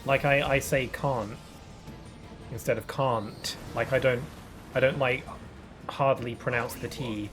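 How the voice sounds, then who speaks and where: A British man chatting away on a live gaming stream, rambling and often restarting his sentences. His voice sits at an ordinary middle pitch, with faint game music underneath. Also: fairly even intonation, normal speed, fairly bright tone. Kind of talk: casual live-stream chat while gaming.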